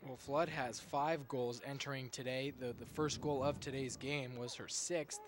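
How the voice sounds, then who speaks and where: A young man giving color commentary at a high school soccer game, talking with many hesitations and restarts. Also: steady tone, a little slow. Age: young adult. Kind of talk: live sports commentary. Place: outdoor soccer field.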